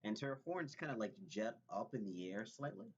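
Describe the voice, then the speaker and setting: Hesitant low-voiced man running a tabletop game. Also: very animated, normal speed, crowd noise. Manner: hesitant, many fillers and restarts. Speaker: game master. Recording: dull lo-fi recording.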